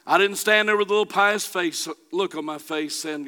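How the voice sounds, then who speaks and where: A middle-aged man preaching a sermon, telling a folksy personal story that builds to shouting. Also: high voice, normal speed, clean tone.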